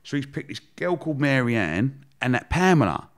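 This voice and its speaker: Man, young adult, casual interview guest, animated storyteller, swears freely, mid pitch. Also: a little fast. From Romford, England. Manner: animated, swears, acts out quoted voices. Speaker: guest entrepreneur.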